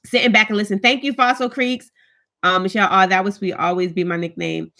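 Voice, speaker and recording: A woman's voice: medium pitch, fairly quick. Woman, thirties, live-stream host; direct, hard-edged casual talk. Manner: talks with her hands, blunt and animated, reads viewer comments. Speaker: vlogger, stay-at-home mom. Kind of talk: casual live chat with viewers.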